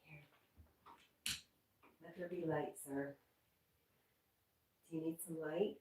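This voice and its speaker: A woman with a low, steady voice speaks slowly while hosting a casual stream from home. She chats with her audience, reads their comments out, and talks to her pet. Recorded indoors on a distant mic, the clip has a roomy echo and a little background noise.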